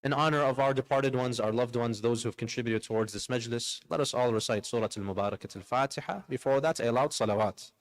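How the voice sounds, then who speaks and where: A man leading a congregation in prayers, alternating between spoken invitations and chanted verses in a measured, devotional manner. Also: mid-range voice, low-quality recording. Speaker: prayer leader.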